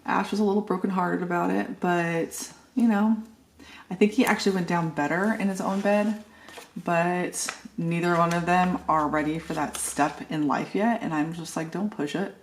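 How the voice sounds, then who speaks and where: A woman's voice: fairly low pitch, steady tone, normal speed, slight background noise. A middle-aged woman vlogging in a casual, rambling way, telling a family story with lots of filler words. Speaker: planner vlogger. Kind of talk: casual chat.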